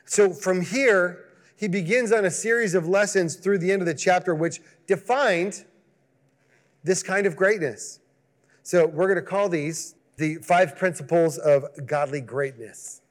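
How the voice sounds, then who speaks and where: A man's voice: high voice, unhurried, long reverb tail. A man preaching a conversational sermon, acting out voices and asking the listeners questions. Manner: conversational, animated, acts out quoted voices. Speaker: pastor.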